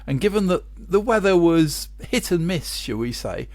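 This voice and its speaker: A man's voice: on the high side, sing-song, moderate pace, darkish tone, no room sound. A man co-hosting a podcast, telling good-humoured anecdotes in casual chat. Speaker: podcast co-host.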